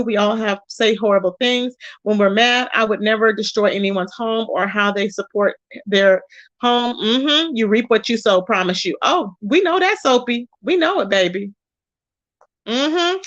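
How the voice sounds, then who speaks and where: A woman's voice: a little high, a bit bright, highs cut off. A woman hosting a casual livestream, talking to her chat. She greets viewers by name, calls them baby, and repeats herself in disbelief to stress a point. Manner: exclaims in disbelief, repeats phrases for emphasis. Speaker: livestream host.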